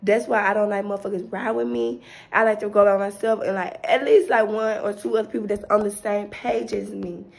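A woman's voice: medium pitch, steady tone, fairly quick, gravelly, reverberant, low-quality recording. Blunt young woman. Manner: blunt, profane, chatty. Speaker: vlogger and acting student. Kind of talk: casual vlog chat. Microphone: phone camera.

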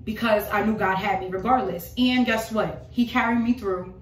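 A woman's voice: medium pitch, normal speed, recorded from a distance. A woman delivering an informal prophetic sermon, emphatic and repetitive, driving her points home with rhetorical questions. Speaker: preacher. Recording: roomy voice from off the mic.

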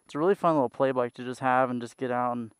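A man's voice: medium pitch, steady tone, rapid-fire, smooth, no echo, studio quality. A man vlogging about his dirt bike in a laid-back, rambling way, swearing freely. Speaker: motorcycle vlogger. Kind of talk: casual vlog chat about a dirt bike.

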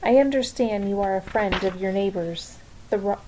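A harsh, bullying male soldier barks demands, as a woman reading a storybook voices him. His tone is cold and demanding. The voice stays mellow rather than sharp. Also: medium pitch, normal speed, slight background noise, lightly acted, rough recording.

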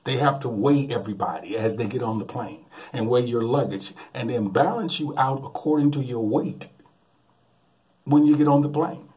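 A man preaching in a lively storytelling way, chuckling between his lines. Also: medium pitch, normal speed. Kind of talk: sermon with a humorous anecdote.

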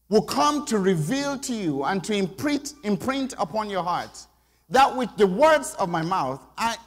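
A middle-aged man preaching a conversational sermon in church, often calling for the congregation's response. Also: high voice. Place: church sanctuary. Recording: long church reverb.

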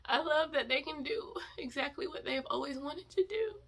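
A woman's voice: sits high, normal speed, creaky. Gushing woman reacting to a music video. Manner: gushing, excitable, exclaims often.

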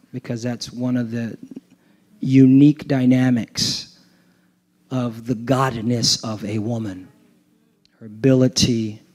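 A man's voice: medium pitch, darkish tone. A male pastor preaching a sermon, emphatic and informal, with slangy asides and call-and-response checks on his listeners.

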